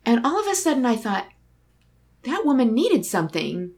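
Slightly high and sing-song, this woman speaks quickly as she chats casually. She tells a personal story candidly and reflectively, acting out the dialogue as she goes.

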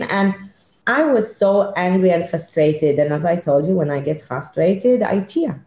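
A middle-aged woman, a leadership consultant, telling a personal story in an interview, animated and emphatic. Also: lowish voice, unhurried. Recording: echoey room.

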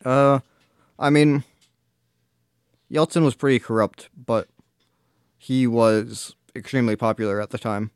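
A man with a smooth, resonant voice runs a casual podcast, hesitating with frequent uhs as he reads sports news. The sound is close and dry, with no room echo. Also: mid-range voice, fairly even intonation, measured pace, long pauses. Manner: hesitant, many filler uhs. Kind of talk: casual chat.

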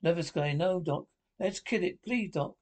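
A jittery young lab assistant in an old-time radio drama, folksy and whiny, always pleading with his boss. The voice runs high for a man. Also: moderate pace, a little mellow. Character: timid frightened young male lab assistant. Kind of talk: 1930s radio acting.

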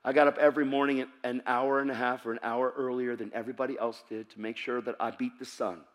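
A man preaching a sermon to a church audience, telling his own story and breaking into shouts. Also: mid-range voice, quick pace. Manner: animated storytelling that bursts into shouting. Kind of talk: sermon with personal testimony.

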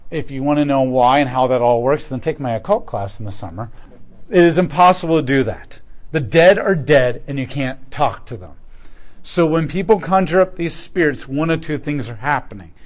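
A man's voice: mid-range voice, lively intonation, normal speed. A man teaching a Bible lesson in a sermon style, explaining scripture with emphatic delivery. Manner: emphatic, rising and falling in loudness when reading scripture. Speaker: pastor teaching a Bible class.

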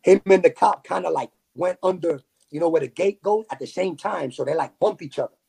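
A man with a New York accent telling a story in a casual, animated way, full of slang and fillers. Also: fairly high pitch, brisk, gravelly, breathy edge. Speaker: podcast guest.

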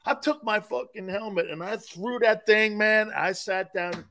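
A man co-hosting a casual sports talk show, speaking in a high, sharp and forceful voice. He is blunt and swears freely, sinks into a low rumble for asides and then barks out the words of coaches from his old playing days. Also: unhurried, creaky. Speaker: co-host, former football player.

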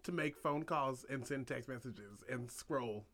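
A man's voice: medium pitch, measured pace, crowd noise. A man co-hosting a podcast, chatting casually and teasing with playful questions. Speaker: podcast co-host. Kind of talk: casual chat.

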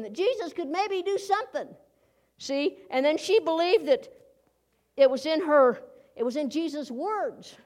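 A woman preaching a conversational sermon in a folksy manner, often asking her listeners rhetorical questions. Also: high voice.

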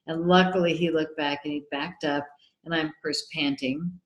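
Woman guest telling a story in a low voice; recorded in an echoey room. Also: fairly quick. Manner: animated, acts out quoted dialogue. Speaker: guest, documentary filmmaker. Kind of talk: storytelling in a podcast interview.

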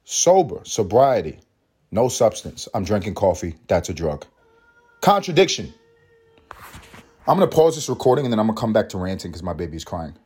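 Solo podcast host, male, husky, sarcastic, foul-mouthed, pitch jumping all over. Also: sing-song, normal speed, pauses often. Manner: profane, sarcastic and swinging between loud jabs and low mutters. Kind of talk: solo comedic podcast rant. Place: at home.

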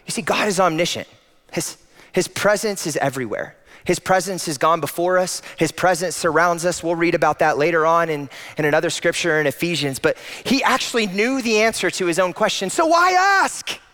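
A man preaching a sermon, swinging from loud emphatic peaks down to soft, intimate passages. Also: on the high side, brisk. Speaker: pastor. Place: church auditorium.

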